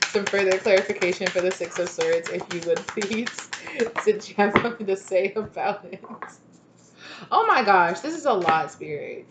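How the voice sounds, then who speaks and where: A woman talks loosely through a tarot reading. She is chatty and rambling, with frequent fillers and restarts. Her pitch is in a middle range, and faint noise sits under her voice. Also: lively intonation, normal speed. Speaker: tarot reader. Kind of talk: casual tarot reading to camera.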